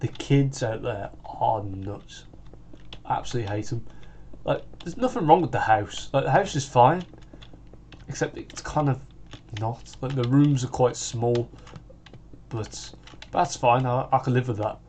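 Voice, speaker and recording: British teen lad, 16, rambling gaming chatter, faint keyboard clatter behind. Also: male voice, medium pitch, animated, unhurried, long pauses, darkish tone, a little hiss or hum. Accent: British English. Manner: rambling, full of "like" and restarts. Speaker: gaming channel host. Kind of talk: casual chat while gaming.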